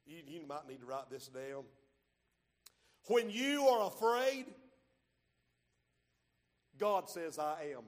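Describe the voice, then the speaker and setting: High-voiced preacher in a reverberant hall. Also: male voice, sing-song. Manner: swings from loud shouting to low, quiet asides; drawls key phrases slowly. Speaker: pastor. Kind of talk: sermon.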